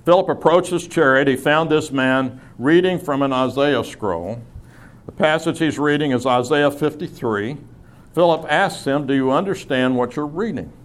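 A man's voice: on the high side, normal speed. A middle-aged man teaching a Bible class in a classroom, talking conversationally with fillers and restarts.

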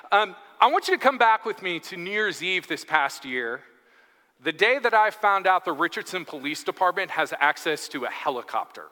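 A man in his thirties preaches in a chatty, self-deprecating way, spinning a funny story for his congregation. His voice sits a little high and rings bright and lively. It carries a long echo through a church hall. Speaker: guest preacher. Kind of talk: humorous sermon storytelling. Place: church sanctuary.

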